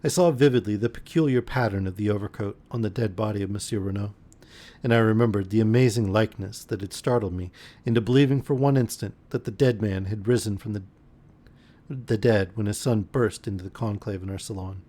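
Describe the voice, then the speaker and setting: A man reading a novel aloud as a bedtime story on a live stream, expressive, with the odd wry aside. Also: on the low side, brisk.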